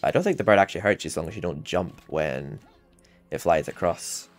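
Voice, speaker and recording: A man's voice: low-pitched, a little fast. A man commenting casually while playing through a video game, rambling and chatty. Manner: rambling, chatty, often laughing. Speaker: gaming channel host. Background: game music.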